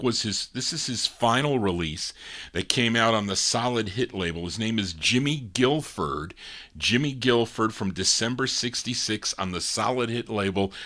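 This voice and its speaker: A man hosting a record show, telling a long personal story in casual chat and acting out the quoted lines of other people. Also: lowish voice. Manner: animated, acts out quoted dialogue. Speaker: radio show host.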